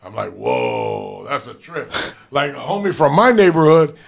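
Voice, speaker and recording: A man's voice: mid-range voice, wildly swooping pitch, unhurried, creaky. A man from Los Angeles telling a story in casual, profane street slang, rambling with restarts. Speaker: podcast co-host.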